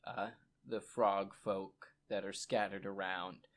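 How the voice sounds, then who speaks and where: Player, male, casual, quick asides, plain voice. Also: sits low, flat delivery, a bit bright. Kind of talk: tabletop game play.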